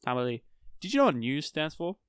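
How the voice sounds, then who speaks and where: A man's voice: a little high, big pitch swings, fairly quick, smooth, no echo. Young male co-host; playful, jokey, clueless sidekick energy, dry mic. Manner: goofy, joking, playfully clueless. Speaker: podcast co-host. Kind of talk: casual podcast chat.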